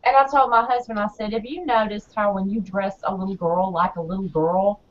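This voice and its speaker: Blunt, animated woman telling stories. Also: mid-range voice, a little fast. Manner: blunt, animated storyteller who acts out quarrels. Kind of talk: casual chat. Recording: dull lo-fi audio.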